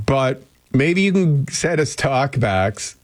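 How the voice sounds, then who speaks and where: A man's voice: mid-range voice, very animated, slow. A man hosting a loose, chatty radio show, wandering from one thought to the next and making fun of himself. His voice sits in a middle range and comes through a studio mic with a dry, close sound and no room echo. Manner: rambling, chatty, self-deprecating. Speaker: radio host. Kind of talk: casual morning radio chat. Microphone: studio microphone.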